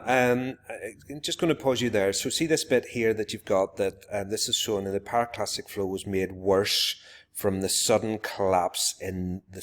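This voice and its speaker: Deep-voiced male teacher. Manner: explains to viewers, then calls out warmly to pupils. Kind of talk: live classroom demonstration.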